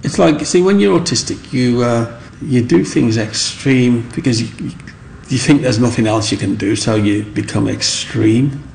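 A man's voice: mid-range voice, measured pace, vocal fry, darkish tone, a little hiss or hum, poor audio. A man, earnestly recalling his childhood in a rambling, heartfelt way. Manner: rambling, earnest, with frequent asides. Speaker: interviewee. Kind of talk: reflective storytelling.

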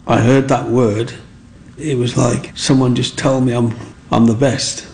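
A man's voice: medium pitch, little pitch movement, a little slow, gravelly, darkish tone, slight background noise, rough recording. A man, earnestly recalling his childhood in a rambling, heartfelt way. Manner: rambling, earnest, with frequent asides. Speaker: interviewee. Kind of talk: reflective storytelling.

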